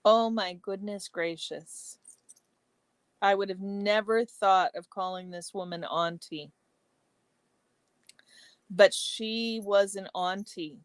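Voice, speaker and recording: A woman hosting a casual livestream chat, reading viewer comments aloud and answering each by name, chatty and exclamatory with soft asides. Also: medium pitch, smooth, no echo. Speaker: livestream host.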